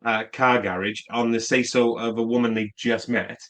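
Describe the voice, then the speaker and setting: A man's voice: mid-range voice, flat delivery, moderate pace, a bit bright. A man co-hosting a film podcast, making jokes and chuckling in casual chat. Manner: jokey, chuckling. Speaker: podcast co-host.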